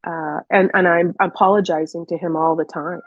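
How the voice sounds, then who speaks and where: A woman's voice: lowish voice, steady tone, normal speed, no echo, lo-fi sound. A woman in her thirties, speaking as a podcast guest and telling personal stories in a candid, chatty way with hesitant restarts. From Canada. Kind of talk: casual personal storytelling.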